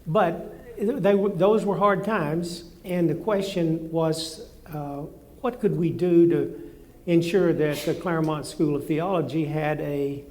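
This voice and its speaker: An older male guest answering interview questions on a studio stage. He speaks slowly and haltingly, with frequent fillers, in a mellow, dark voice. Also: a little high, steady tone. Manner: halting, many fillers, reflective. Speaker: former seminary president, guest. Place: studio stage before live audience.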